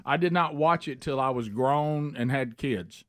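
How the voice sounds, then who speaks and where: A man's voice: medium pitch, measured pace, no room sound, studio quality. A man with a Southern American accent co-hosting a radio show, joking about himself and laughing often. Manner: self-mocking, laughs often. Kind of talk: casual radio banter.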